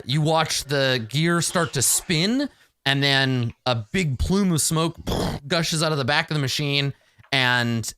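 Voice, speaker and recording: A man narrating a tabletop game as game master, animated and rambling with frequent restarts. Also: medium pitch, smooth, no echo, studio quality.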